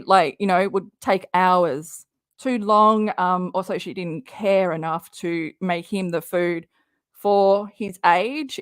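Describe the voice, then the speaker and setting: A woman's voice: medium pitch, no room sound, clean studio sound. A woman hosting a live stream of drama commentary. She talks bluntly and heatedly, swears freely, and reads viewer comments from the chat.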